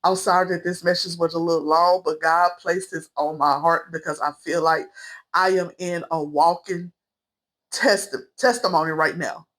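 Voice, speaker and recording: A woman's voice: lowish voice, steady tone, moderate pace, fairly bright tone. A young woman vlogger giving an emotional, earnest spiritual message straight to her viewers, calling them y'all. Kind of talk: heartfelt spiritual vlog monologue.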